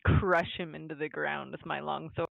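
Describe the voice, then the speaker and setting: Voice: mid-range voice, fairly even intonation, moderate pace, gravelly, no echo. A player in a tabletop game, gleeful and bouncy, on a dull, dry lo-fi microphone. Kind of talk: casual tabletop play.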